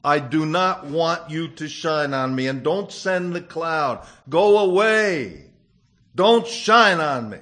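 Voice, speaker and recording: A man's voice: fairly high pitch, steady tone, slow, hardly any pauses, fairly bright tone. A man voicing a proud, stubborn talking pond in a storybook fable told from the pulpit. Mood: insistent.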